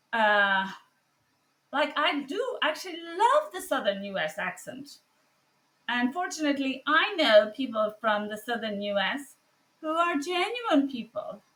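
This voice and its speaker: Slow, emphatic woman physician. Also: medium pitch, fairly bright tone. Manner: passionate, slow and emphatic with frequent pauses. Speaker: physician and online course teacher. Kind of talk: personal commentary monologue.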